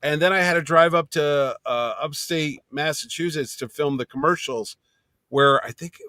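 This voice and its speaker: A man's voice: on the high side, normal speed, sharp tone, no room sound, studio quality. A man co-hosting a casual talk show and telling a rambling story. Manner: chatty, rambling anecdotes. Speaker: podcast co-host. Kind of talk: casual chat.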